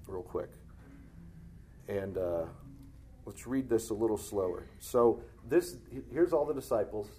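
A man teaching a Bible passage, reading the verses aloud and commenting on them plainly, often clearing his throat. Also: lowish voice, a little mellow. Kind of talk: reading scripture and explaining it.

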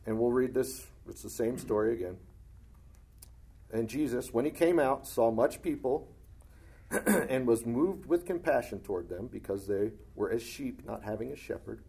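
A man teaching a Bible passage, reading the verses aloud and commenting on them plainly, often clearing his throat. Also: medium pitch, normal speed, dark tone. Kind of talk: reading scripture and explaining it.

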